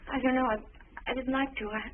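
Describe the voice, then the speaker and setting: An actress playing a shy, timid young wife in a 1940s film drama, hesitant and apologetic, often stammering. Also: female voice, sits high, steady tone, fast, lightly acted. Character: shy, timid young bride, unsure of herself. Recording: tinny old film soundtrack with hiss.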